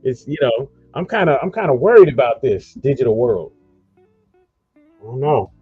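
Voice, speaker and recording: A man's voice: medium pitch, sing-song, moderate pace, slightly rough, no echo, phone-quality sound, soft background music. A man hosting a casual online radio talk show, rambling loosely through promos and introductions. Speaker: host.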